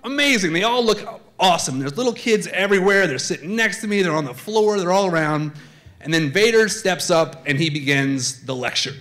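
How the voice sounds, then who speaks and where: A man telling a comic true story live on stage, chatty and animated, slipping into voices. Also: sits high, a little fast. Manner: animated, conversational, swings into voices. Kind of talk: live comedic personal storytelling. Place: theater stage before a live audience.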